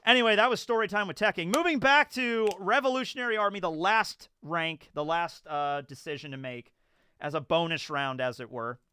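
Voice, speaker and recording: In a dry recording, a man with a high, smooth voice hosts a video at a normal speed, his tone bright and pushed. He drifts through casual stories and commentary, talking loosely with lots of fillers.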